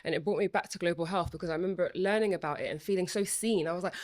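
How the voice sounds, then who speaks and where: In a fairly low, darkish voice, she talks rapid-fire with hardly any pauses. The speaker, a former student working in Parliament, stammers through a passionate, conversational podcast chat, frequently restarting and filling gaps with sounds as she thinks aloud.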